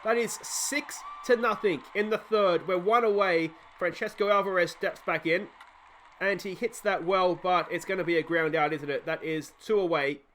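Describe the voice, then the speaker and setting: An Australian man giving excited play-by-play commentary as he plays a baseball game, getting loud on big hits. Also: high voice, normal speed, slight background noise. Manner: fan-style play-by-play, shouting on big hits. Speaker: let's play host.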